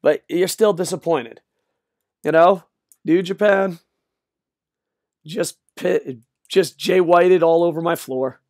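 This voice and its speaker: A man's voice: a little high, takes it slowly, long pauses, a little mellow, dry recording, clean studio sound. An older man ranting, exasperated and sarcastic, with frequent profanity, in a solo video. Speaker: wrestling commentator.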